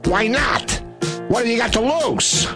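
A famous actor turned strange, halting pitchman, as a man impersonates him, his voice pushed way up high and sing-song. He stops and starts in odd places, selling like it's a spoof radio ad. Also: animated, over music. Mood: deadpan salesy. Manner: halting, oddly stressed pitchman delivery. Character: impression of a famous actor hawking closets, man. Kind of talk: comedy radio ad parody.

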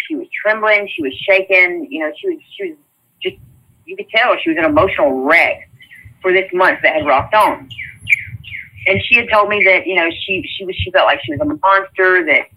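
A middle-aged woman, recounting events in a rambling, halting way during an interview. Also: on the low side, lo-fi sound, slight background noise. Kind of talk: casual spoken recounting.

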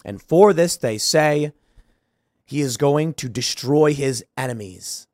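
A man's voice: mid-range voice, takes it slowly, a little mellow, no room sound, clean studio sound. A man hosting a solo political commentary show, sarcastic and combative, firing off rhetorical questions.

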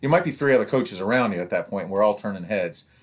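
A man's voice: lowish voice, expressive, quick pace. A man in his fifties, a coach, chatting casually on a podcast and rambling, with restarts and acted-out quotes from parents. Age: 50s. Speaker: youth sports coach and podcast co-host.

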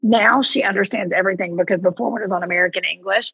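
Husky Kentucky woman telling lively stories. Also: mid-range voice, racing, no echo, muffled recording. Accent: Southern US, Kentucky. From Eastern Kentucky. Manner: animated storyteller, acts out quotes. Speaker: podcast guest. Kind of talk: casual interview chat.

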